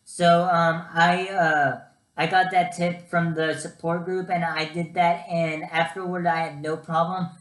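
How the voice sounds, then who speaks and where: A man's voice: a little high, measured pace, roomy sound. A young man giving casual vlog advice, chatty and full of ums and uhs. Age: young adult. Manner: chatty, lots of ums and uhs, animated storytelling. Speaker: student vlogger.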